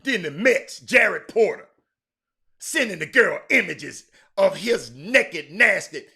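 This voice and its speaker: A man's voice: sits high, animated, slow pace, vocal fry, bright, forceful tone, husky. A man hosting a live-streamed sports talk show, ranting emphatically, repeating himself and calling out to his viewers. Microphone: streaming mic.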